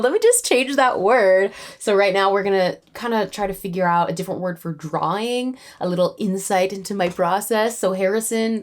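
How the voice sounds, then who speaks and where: A young woman in her twenties from Canada, talking through her writing day in a chatty vlog with many fillers and light laughs. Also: fairly low pitch. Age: 20s. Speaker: writing vlogger. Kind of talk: casual vlog narration.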